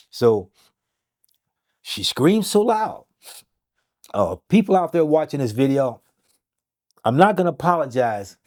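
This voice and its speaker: Animated man telling a story. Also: medium pitch. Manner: animated, repeats phrases, acts out quotes. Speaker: interview guest. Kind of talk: emotional storytelling.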